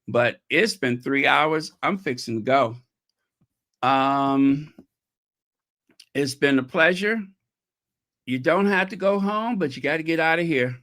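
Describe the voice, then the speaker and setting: A host with a drawl unwinds at the end of a long live stream, talking at an easy, unhurried pace. The voice is worn and dry from hours of talk. The delivery is playful and teasing. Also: medium pitch, a bit bright. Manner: playful, joking, bursts into singing. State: losing voice, dry throat. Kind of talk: casual live stream chat.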